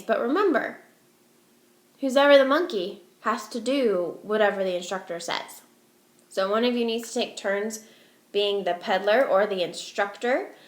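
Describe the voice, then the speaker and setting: A woman teacher reading a storybook aloud to young children, expressive and slow, asking her listeners questions. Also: fairly high pitch. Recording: echoey room.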